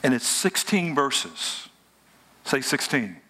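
A man preaching a sermon as pastor, in an animated, humorous, conversational way. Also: mid-range voice, slow pace, a little hiss or hum.

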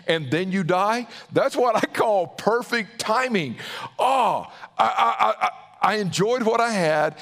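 A man with a Southern accent, preaching a sermon as a pastor, earnest and emphatic, often repeating words and restarting phrases. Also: fairly high pitch.

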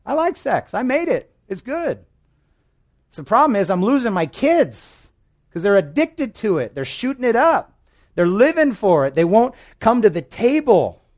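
Guy doing god as a heartbroken dad, raised higher voice, pleading and exasperated. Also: big pitch swings, moderate pace, a little mellow, heavily acted. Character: God as a heartbroken loving father. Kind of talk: sermon illustration.

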